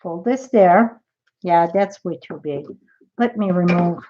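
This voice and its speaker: A woman's voice: fairly low pitch, takes it slowly, warm tone, muffled recording. A woman demonstrating a craft project in a live tutorial, chatty and thinking aloud as she works.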